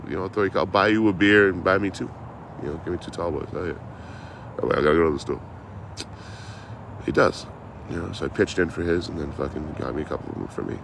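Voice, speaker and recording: On a casual outdoor livestream, a traveling streamer with a low, creaky voice tells road stories in a laid-back, rambling, profane way. There's a little hiss or hum in the audio.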